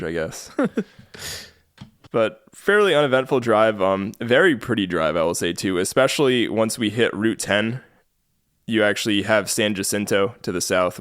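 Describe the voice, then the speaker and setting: A man with a low voice tells a road-trip story on a podcast. He is casual and chatty and laughs often, and the sound is close and dry. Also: fairly bright tone, smooth, no echo. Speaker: podcast host. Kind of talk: casual chat.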